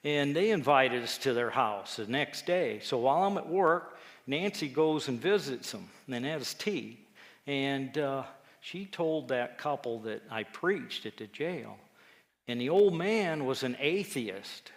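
Animated man in an echoey hall. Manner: animated storyteller, acting out quotes with big jumps in pitch. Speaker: lay preacher. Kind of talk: telling a personal testimony story. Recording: echoey hall with long reverb.

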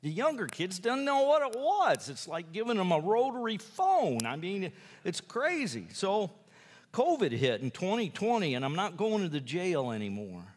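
A man's voice: high-pitched, wildly swooping pitch, moderate pace, long reverb tail. A man who preaches in jails tells his personal testimony in a folksy, rambling way, acting out the lines of other people. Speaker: jail preacher.

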